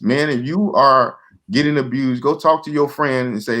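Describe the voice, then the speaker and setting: A man speaking at normal speed, his voice a bit bright, talks casually as a guest. Earnest and repetitive, he frequently restarts his sentences and does quoted voices higher-pitched.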